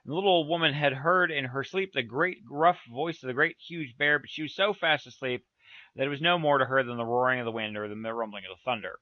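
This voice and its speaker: A man's voice: medium pitch, a little fast, no echo. A man reading a children's story aloud with playful asides to his listeners. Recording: dull, dry lo-fi recording.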